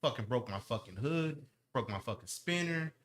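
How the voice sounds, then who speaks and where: A man and lowrider owner, ranting heatedly in casual podcast chat, with slang and heavy swearing. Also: animated, moderate pace, fairly bright tone.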